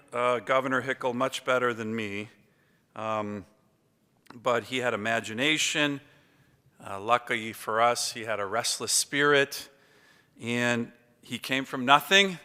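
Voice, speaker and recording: A man's voice: medium pitch, bright, forceful tone, clear, resonant tone. A man in his fifties giving an after-dinner award acceptance speech, telling chatty stories with many fillers. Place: large banquet hall. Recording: long reverb of a big hall.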